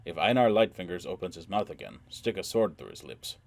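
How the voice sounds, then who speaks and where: A man's voice: low voice, big pitch swings, brisk, vocal fry, dry recording, exaggerated voice. A man voicing a cautious, commanding dwarf leader in an audiobook. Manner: commanding, clipped.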